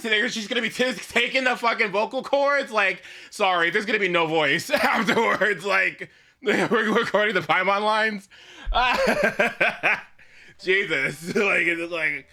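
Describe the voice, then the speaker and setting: A young man live-streaming a video game in casual chat, swearing often and swinging from mumbles to shouts. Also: high-pitched, takes it slowly.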